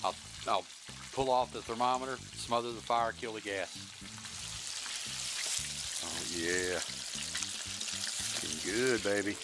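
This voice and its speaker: A man's voice: on the low side, takes it slowly, pauses often, heavy background noise. A man, chatting folksy and drawling through an outdoor cooking vlog. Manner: folksy, drawling, talks to his dog and viewers. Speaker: cooking vlogger. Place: outdoors by a camp stove. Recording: music playing behind.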